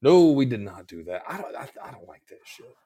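A man's voice: mid-range voice, sing-song, brisk, warm tone. A man hosting a podcast in casual chat, slightly scratchy in the throat, rambling, swearing freely and poking fun at himself. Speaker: podcast host.

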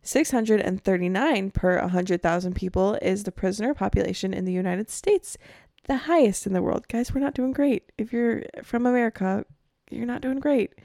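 A woman podcast host chatting casually, with lots of "like" and "um" and frequent laughs. Her voice has a gravelly fry at a middle pitch, recorded dry and close. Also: normal speed, dark tone, no echo. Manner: chatty, many fillers like "like" and "um", laughs often. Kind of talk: casual chat.

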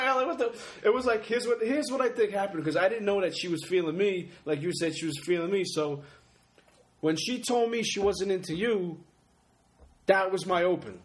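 A man hosting a casual podcast, trading crude jokes and quick asides. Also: high-pitched. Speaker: podcast host. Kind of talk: casual chat.

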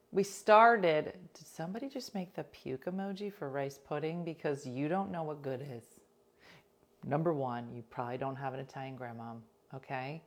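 Woman host, low-pitched, casual playful chat with viewers, soft asides. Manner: chatty and playful, often trails into soft asides. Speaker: livestream host.

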